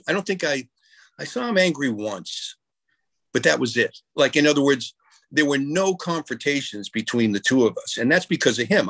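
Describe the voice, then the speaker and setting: A man's voice: mid-range voice, fairly bright tone, no room sound. A man from New York telling rambling anecdotes with many restarts in a casual interview. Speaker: guest musician.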